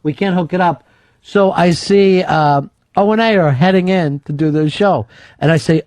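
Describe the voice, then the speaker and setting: A man hosting a talk radio show, telling a story in casual, profane, excitable chat. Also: a little high, normal speed, no echo. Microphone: studio mic.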